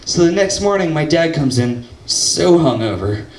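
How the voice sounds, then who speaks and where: A young man doing stand-up, telling a story deadpan and shouting the punchlines. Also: a little high, moderate pace. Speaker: stand-up comedian. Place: comedy club stage. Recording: roomy club audio from a distance. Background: audience laughter.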